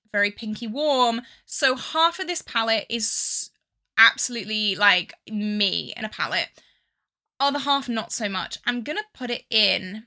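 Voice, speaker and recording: Midlands girl with a bit of scouse, chatty beauty vlogger, kinda high bright voice, lots of um and like. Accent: English Midlands with a hint of Scouse. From England. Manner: chatty and indecisive, with many fillers and dramatic sighs over choices. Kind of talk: casual product review chat.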